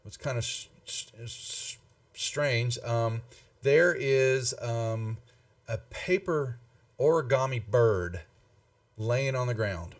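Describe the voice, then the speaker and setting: A man narrating a tabletop game as game master, halting and full of fillers. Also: medium pitch. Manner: halting, many fillers and restarts. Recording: distant mic with faint music.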